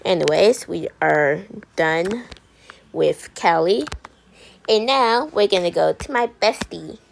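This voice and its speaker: Sassy rambling woman with vocal fry. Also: lowish voice, animated, takes it slowly, slight background noise. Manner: rambling and sassy, with frequent stumbles and restarts. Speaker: video creator. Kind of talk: chatty commentary while coloring.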